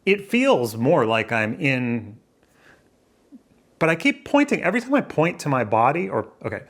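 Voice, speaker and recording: Thinking out loud for a camera pointed at him, a man rambles and questions himself beside a window indoors. His voice sits in the mid range and sounds very animated, at an ordinary pace.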